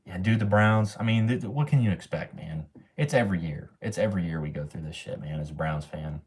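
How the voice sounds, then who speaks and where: A man in his late twenties chats loosely with his livestream audience. His voice sits very low, and he talks in a relaxed, profane way, ending lines with man and bro. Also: brisk, a little hiss or hum. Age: 20s. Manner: slangy and profane, says bro and man a lot. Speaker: livestream host. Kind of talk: casual livestream chat.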